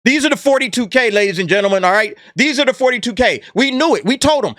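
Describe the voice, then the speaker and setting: A man's voice: very high voice, lively intonation, quick pace, few pauses, fairly bright tone, no room sound, studio quality. A man hosting a commentary channel, talking in a brash, mocking and profane way, laughing at the people he talks about. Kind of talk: casual commentary monologue.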